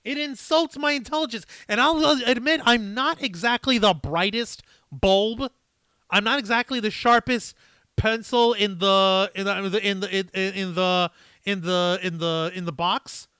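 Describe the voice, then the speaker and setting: A man hosts a live stream in a casual, profane and rambling way, reacting to viewer comments. His voice sits high and bright, with a smooth, clear tone. The sound is dry and close. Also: unhurried, no echo.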